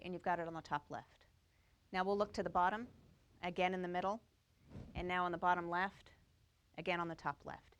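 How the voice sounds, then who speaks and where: Woman teaching quilting to a class, step by step, keeps asking if they follow. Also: medium pitch. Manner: explains step by step, checks in with the class. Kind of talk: live classroom demonstration.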